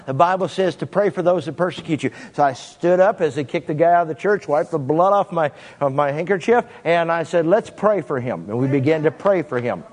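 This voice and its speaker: A man preaching a sermon in an animated way, with sudden swings in pitch and pace. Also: long reverb tail.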